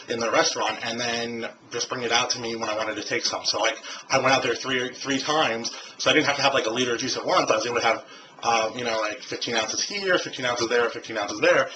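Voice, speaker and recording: A man with a medium-pitched voice vlogs casually into a handheld camcorder, rambling along with plenty of fillers and restarts. Background noise is audible.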